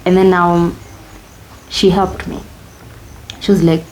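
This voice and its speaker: A woman's voice: fairly low pitch, little pitch movement, slow pace, long pauses, a little mellow, slight background noise. A young woman with a Kenyan accent, telling her own story as an interview guest, candid and reflective, slipping Swahili phrases into her English.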